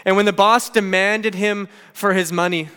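Bright-voiced man preaching a sermon. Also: high voice, fairly even intonation, moderate pace, smooth, in a large hall. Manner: earnest preaching with frequent "okay" asides and paraphrased storytelling. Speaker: pastor.

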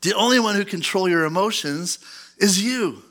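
A male pastor in his thirties preaching a sermon in church, animated and acting out angry outbursts. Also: sits high, moderate pace. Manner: animated, acts out outbursts in a loud put-on voice.

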